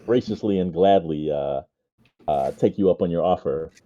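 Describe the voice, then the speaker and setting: A man playing a formal, deep-voiced adventurer. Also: warm tone, lo-fi sound, close to an everyday voice. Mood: earnest. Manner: formal, halting with fillers. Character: polite foreign adventurer, a healer.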